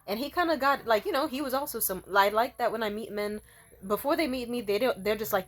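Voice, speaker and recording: A woman's voice: mid-range voice, fast talker. A young woman in a casual, profane monologue, candid and laughing often, acting out quoted lines. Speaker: vlogger.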